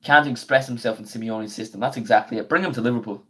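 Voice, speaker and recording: Slangy young man, voice half gone. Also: mid-range voice. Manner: chatty and slangy, bursts into quick excited play-by-play. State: voice going hoarse. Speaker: football watchalong streamer. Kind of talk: casual live stream chat with match commentary.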